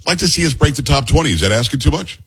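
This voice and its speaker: A man's voice: on the high side, expressive, very fast, fairly bright tone, slightly rough. A middle-aged man hosting a radio talk show, chatty and joking with his co-host. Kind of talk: casual radio banter.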